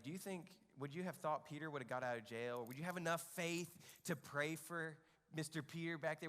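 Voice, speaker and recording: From the stage of a church children's room with a big-room sound, a man with a fairly high voice leads the kids' lesson. Acting out a Bible story with animation, he keeps asking the children questions.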